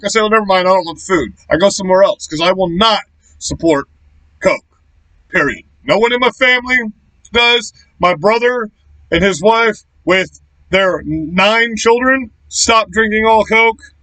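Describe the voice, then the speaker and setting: A man's voice: high voice, dry recording, low-quality recording. A man ranting angrily on a political vlog, swearing heavily and talking in an aggressive, confrontational way. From Florida. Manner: profane, ranting, loud and aggressive. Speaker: political vlogger. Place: small shack.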